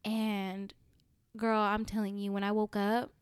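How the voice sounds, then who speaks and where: A woman's voice: mid-range voice, completely flat delivery, a little slow, smooth, no echo, studio quality. A young woman, a podcast guest, telling a personal story with emotion and lots of fillers. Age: young adult. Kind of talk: casual chat.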